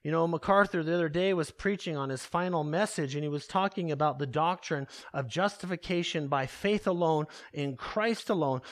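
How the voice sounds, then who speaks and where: A man preaching a sermon, emphatic, asking the congregation rhetorical questions and slowing down to stress key words. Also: a little high. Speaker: pastor.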